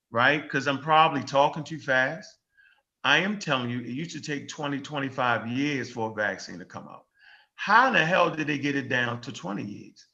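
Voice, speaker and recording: A man's voice: a little high, creaky, bright, forceful tone. A man in a heated panel debate, firing off repeated rhetorical questions in slangy casual speech. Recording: dull lo-fi audio.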